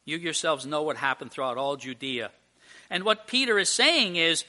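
A man's voice: fairly high pitch, animated, moderate pace, pushed and bright. A male pastor preaching a sermon to his church at communion, emphatic and full of rhetorical questions.

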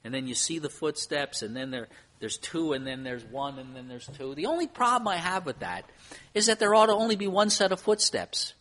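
A man's voice: a little high, lively intonation, brisk, a bit bright. A man preaching a sermon as pastor, earnest, with emphasis that rises and falls. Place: church.

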